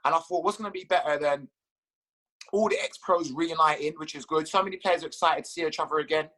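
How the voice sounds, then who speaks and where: A man as an interview guest, telling stories in a casual, animated way, swearing freely and laughing at his own tales. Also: fairly high pitch, fast, rough recording. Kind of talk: casual storytelling.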